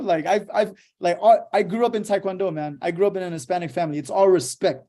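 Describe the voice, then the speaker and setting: A young man from Houston speaks in a fairly high voice with a warm, mellow tone. He talks about his life as a lawyer in a casual, profane and emphatic way, driving each point home. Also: fast, few pauses. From Houston, Texas. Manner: profane, emphatic, fired-up storytelling. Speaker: lawyer giving a motivational talk. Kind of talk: casual motivational talk.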